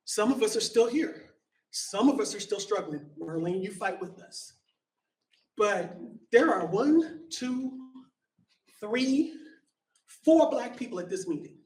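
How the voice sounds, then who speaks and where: A man in his fifties, from San Francisco, delivers a public comment at a meeting with a high voice. He speaks slowly and deliberately, playful and direct with the people around him. The recording is roomy and distant, with a little noise underneath. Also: darkish tone. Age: 50s. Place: community center meeting hall. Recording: echoey hall, distant mic, faint noise.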